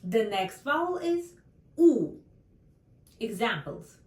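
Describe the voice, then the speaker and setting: Slow, patient Russian-accented woman teacher. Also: medium pitch, expressive, far from the mic. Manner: slow, repeats example words, checks in with "okay?". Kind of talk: online language lesson. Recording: roomy echo, a bit off mic.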